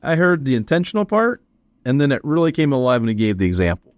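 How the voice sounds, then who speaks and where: A man co-hosting a podcast talks quickly, with a lively, moving pitch. He thoughtfully sums up what he heard. The sound is dry and close. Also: no echo. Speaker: podcast co-host. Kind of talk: casual podcast chat.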